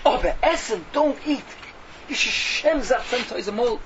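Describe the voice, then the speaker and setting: Animated rabbi. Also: male voice, extremely high pitch, moderate pace. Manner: animated, scolding, mixes Yiddish and Hebrew phrases. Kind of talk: Torah lecture. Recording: dull lo-fi recording with faint noise.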